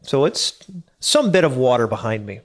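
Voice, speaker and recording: A man in his late thirties gives a casual motivational monologue in a mid-range voice at normal speed. He's very animated and earnest, stammering and repeating words as he gets worked up, and laughs at himself now and then.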